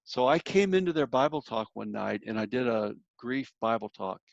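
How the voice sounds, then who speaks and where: Male workshop speaker, earnest storyteller, mid-pitched, dry muffled recording. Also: animated, moderate pace, vocal fry, dry recording. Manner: earnest, storytelling, addresses listeners directly. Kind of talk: church workshop talk.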